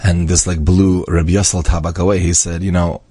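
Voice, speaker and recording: A man telling an inspirational story in a chatty, animated way, acting out the dialogue with frequent asides and fillers. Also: low voice, fairly quick, husky, dry recording.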